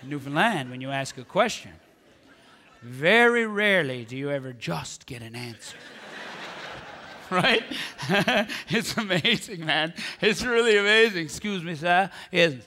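A man doing live stand-up comedy on a theatre stage, talking in an animated, conversational way. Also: on the high side, measured pace, slight background noise. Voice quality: animated, conversational, keeps asking right.

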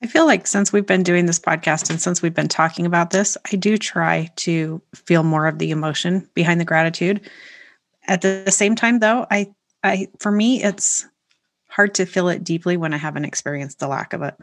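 Woman, podcast co-host, candid and thoughtful, lowish voice, dry recording. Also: moderate pace, no room sound. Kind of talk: casual podcast chat.

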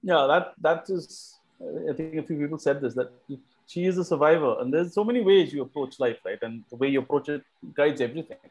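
A man's voice: a little high, fairly quick, low-quality recording. A man hosting a casual book club discussion, chatty, repeating words while he thinks.

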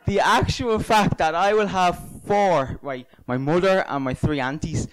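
A man's voice: high voice, a little slow, crowd noise, noisy background. A young Irish man doing a stand-up comedy set, crude and self-mocking, stumbling through asides on stage. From Ireland.

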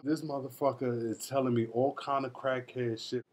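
A young man vlogging, telling a story to the camera in a casual, animated way, swearing often. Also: mid-range voice, moderate pace, hardly any pauses.

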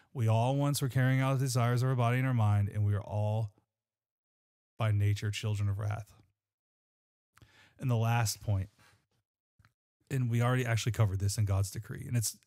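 A man with a dark, medium-pitched voice co-hosts a podcast, reading scripture and chatting casually. He is earnest and tends to ramble and restart.

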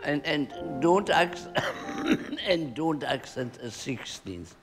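A man's voice: fairly high pitch, very animated, slow. A man teaching a piano master class, giving short spoken instructions and singing rhythm syllables to show the phrasing. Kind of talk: coaching a student at the piano. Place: concert hall. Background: piano playing.

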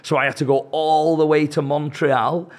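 A man's voice: fairly high pitch, normal speed. Give me a British man in his twenties, a chatty podcast guest spinning a story. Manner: chatty, animated anecdotes with quoted dialogue. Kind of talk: casual storytelling chat.

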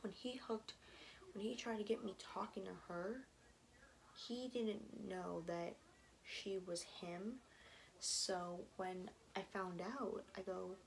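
A woman's voice: medium pitch, steady tone, takes it slowly, a little hiss or hum. A young woman vlogger telling a story in a casual, rambling way, full of fillers and restarts, and now and then she drops to a whisper.

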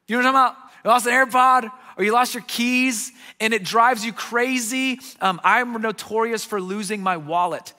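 A middle-aged man preaching a sermon as a guest pastor, telling a story with lively acted-out voices. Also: very high-pitched, moderate pace, few pauses, big-room sound. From United States. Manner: animated storyteller, acting out quoted voices. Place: church sanctuary.

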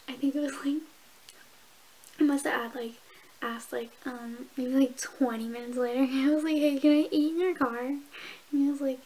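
High-voiced, chatty young woman vlogger. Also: a little mellow, rough recording. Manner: chatty storyteller, swears and laughs a lot. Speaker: beauty vlogger. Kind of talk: casual get-ready-with-me chat.

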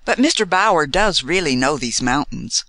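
A man voicing a frank, cheerful young woman climber in a storybook reading, lifting his voice to speak brightly and gaily. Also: a little high, moderate pace, no echo. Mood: lively, frank. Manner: bright and lively.

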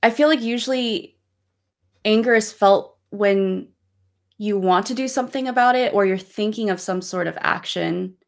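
A woman who is a guest on a podcast, talking in casual chat with calm, reflective and empathetic phrasing. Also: mid-range voice, moderate pace, gravelly.

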